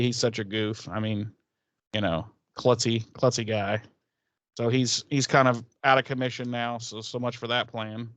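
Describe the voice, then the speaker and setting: A man's voice: medium pitch, fairly bright tone, no room sound, muffled recording. A man co-hosting a podcast, casually talking through an episode's scenes. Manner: loose and conversational, with fillers. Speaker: podcast co-host.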